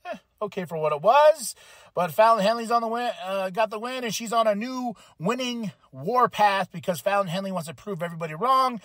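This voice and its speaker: A man hosting a podcast, recapping a wrestling show in a casual, chatty way and acting out lines in quick voices. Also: high voice, expressive, fairly bright tone, no echo, clean studio sound. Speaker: podcast host.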